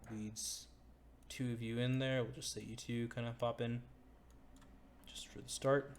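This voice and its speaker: A man's voice: medium pitch, level tone, unhurried, a little hiss or hum. A man narrating as game master in an easygoing, chatty way. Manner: easygoing, chatty, lots of fillers.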